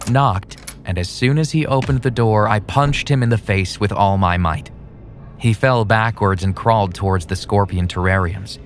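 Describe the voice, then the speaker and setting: Low-voiced man narrating a horror story. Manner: steady, plain storytelling. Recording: soft music underneath.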